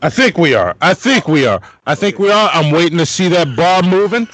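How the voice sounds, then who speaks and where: A man's voice: a little high, sing-song, brisk, fairly bright tone, poor audio. A man co-hosting a live-streamed music talk show, brash and jokey, repeating himself, close on a mic that runs hot. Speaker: podcast co-host. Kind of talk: casual live-stream chat. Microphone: close studio mic, running hot.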